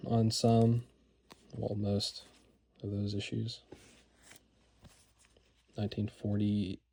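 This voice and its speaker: A man's voice: fairly low pitch, dark tone. A man casually showing off items from his collection, talking in a rambling, enthusiastic way with lots of fillers and repeated words. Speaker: card collector vlogger. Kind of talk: casual show-and-tell narration.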